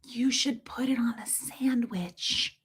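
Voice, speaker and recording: Woman doing her mom's slow breathy whisper. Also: a little high, heavily acted. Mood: earnest. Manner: slow, earnest, insistent. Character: a fussy middle-aged mother, whispering earnest advice.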